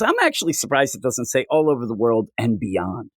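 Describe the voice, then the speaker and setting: A man's voice: mid-range voice, sing-song, a little fast, no room sound, clean studio sound. Riffing man on a comics podcast. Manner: riffing, jokey, puts on silly voices. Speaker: podcast host. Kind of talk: casual comedic chat.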